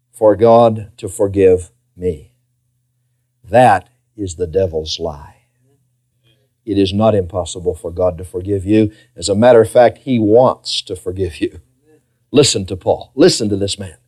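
A man preaching a sermon as pastor, swinging between forceful emphasis and hushed, low phrases. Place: church.

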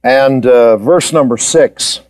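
A man's voice: mid-range voice, slow, darkish tone. A man giving a Bible study lecture, quizzing his students and repeating key points for emphasis. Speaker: Bible teacher.

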